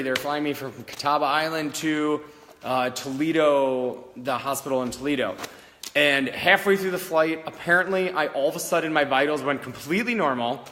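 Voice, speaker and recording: A man's voice: mid-range voice, sharp tone, big-room sound. A man in his thirties, a psychic medium, telling a personal story in a rambling, candid, casual way, often checking in with "all right?" and swearing now and then. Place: old country schoolhouse, indoors.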